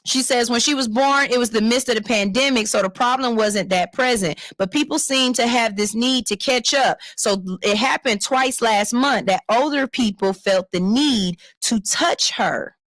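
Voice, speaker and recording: A woman's voice: a little high, normal speed, few pauses, dry recording. A woman, hosting a radio show, talking bluntly and profanely and reading out a listener's letter. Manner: blunt, profane and animated, slipping into loud mocking voices for her stories. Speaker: radio host. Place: radio studio. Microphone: studio microphone.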